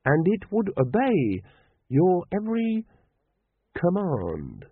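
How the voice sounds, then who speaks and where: A man voicing a scheming male cult leader who talks slowly and smoothly, bending others to his plan. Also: sits high, wildly swooping pitch, no room sound, pitched above the performer's own voice, full character voice. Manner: slow, smooth, manipulative. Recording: dry, tinny, phone-like sound.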